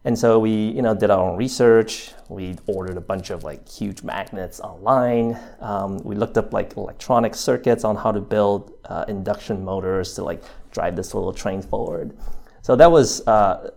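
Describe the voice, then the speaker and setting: A man's voice: fairly low pitch, normal speed, vocal fry, darkish tone. A man in his thirties with an American accent, talking through his background in an interview, hesitant, with many fillers and restarts. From New Zealand. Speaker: interview guest. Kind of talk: casual interview.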